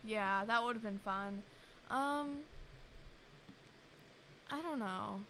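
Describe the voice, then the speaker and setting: A woman's voice: mid-range voice, extremely slow, a bit bright, slight background noise, low-quality recording. A young woman co-hosting a podcast in casual chat, playful and teasing, rambling as she talks. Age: young adult. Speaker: podcast co-host.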